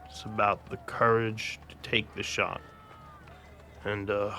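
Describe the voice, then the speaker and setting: A man doing a monotone soccer coach. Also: fairly low pitch, a little hiss or hum, exaggerated voice. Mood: flat pep talk. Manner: monotone, halting with many fillers. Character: uninspiring adult male soccer coach giving a pep talk.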